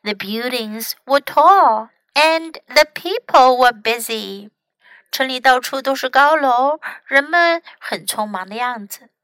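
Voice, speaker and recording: A woman English teacher narrating a children's story bilingually, clear and teacherly. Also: high voice, animated, slow, fairly bright tone, no echo, low-quality recording.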